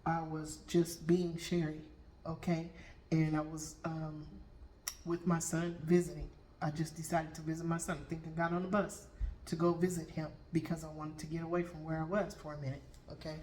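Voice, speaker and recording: A woman's voice: deep voice, level tone, moderate pace, darkish tone, a little hiss or hum. A middle-aged woman, a Reiki master and tarot reader, telling spiritual stories to viewers and checking in with "okay?" after nearly every point. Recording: roomy room with faint background ambience.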